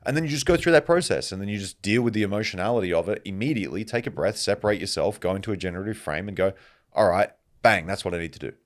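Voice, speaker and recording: A man hosting a podcast, telling stories in a casual, animated monologue and swearing freely. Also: fairly low pitch, rapid-fire. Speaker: podcast host.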